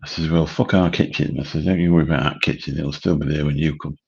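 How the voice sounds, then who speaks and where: A man's voice: very deep voice, fairly even intonation, fast, breathy edge, muffled recording. A man, rambling casually as host of a late-night livestream chat. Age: 50s. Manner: rambling, chatty, swears casually. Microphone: studio mic through a mixer.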